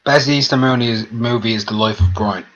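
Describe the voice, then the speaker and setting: A man's voice: mid-range voice, fairly quick, fairly bright tone, muffled recording. A man from Dublin with a Dublin accent, chatting casually as a podcast co-host, bantering and telling crude jokes. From Ireland. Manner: swearing, banter, joke-telling.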